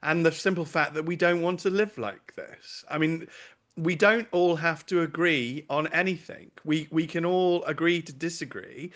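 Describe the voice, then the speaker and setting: A man's voice: on the high side, fairly bright tone. A man speaking as a guest on a talk show panel, impassioned and indignant. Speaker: guest commentator.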